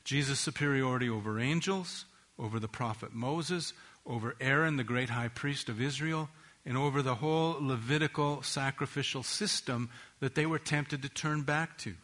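Man, sermon, earnest and measured, bright clear tone, slows for emphasis. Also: medium pitch. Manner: earnest, measured preaching with slowed emphasis on key phrases. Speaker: preacher.

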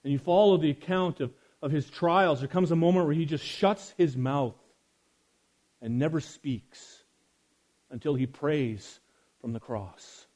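A man preaching a sermon, swinging from loud emphasis to hushed quiet and speaking straight to his listeners. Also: fairly high pitch, a little slow. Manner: addresses listeners directly.

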